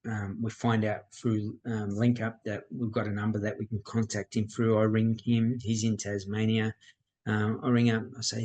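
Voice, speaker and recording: Middle-aged man, husky and low, candid storyteller. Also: level tone, moderate pace, a little mellow, rough recording. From Australia. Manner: reflective, plain-spoken, acts out quoted dialogue. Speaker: podcast guest, mindset coach.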